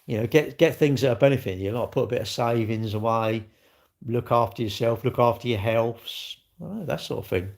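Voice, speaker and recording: Gravelly-voiced man rambling on a live stream. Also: medium pitch, fairly quick, a little mellow. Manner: rambling, chatty, reads and answers viewer comments. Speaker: livestreamer and car dealer. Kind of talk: casual live stream chat. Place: at work, indoors.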